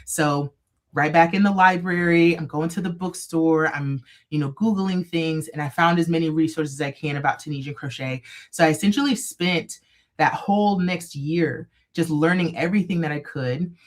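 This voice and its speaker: A woman guest telling a story in a casual live interview, animated and full of "like". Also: low voice, normal speed. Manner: animated, gushing, heavy "like" filler. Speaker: guest crochet designer.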